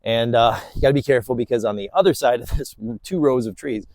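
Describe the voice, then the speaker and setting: A man's voice: medium pitch, fast talker, no room sound. A man casually explaining each hole of a disc golf course as he plays, talking outdoors in a hilly park and a bit out of breath. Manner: relaxed, explanatory, talking to himself between throws. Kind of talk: casual course walkthrough commentary. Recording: faint wind noise outdoors.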